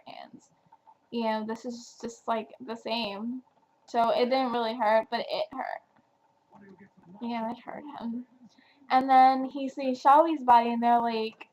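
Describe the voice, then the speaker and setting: A woman's voice: on the high side, steady tone, a little slow. A young woman from New Jersey reviewing a book in a casual vlog, chatty and full of fillers. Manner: chatty, filler-heavy, gushing. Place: home, at night.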